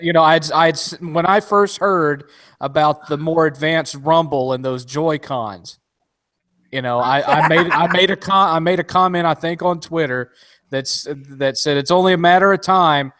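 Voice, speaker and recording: A man's voice: fairly high pitch, moderate pace, fairly bright tone, no echo, clean studio sound. A man talking in a casual podcast chat, rambling with many restarts and fillers.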